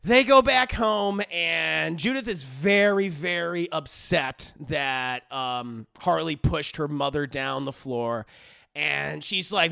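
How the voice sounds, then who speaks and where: A man recaps a movie as an animated, profane storyteller. His voice is high and bright, with a gravelly fry. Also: slow. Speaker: movie reviewer.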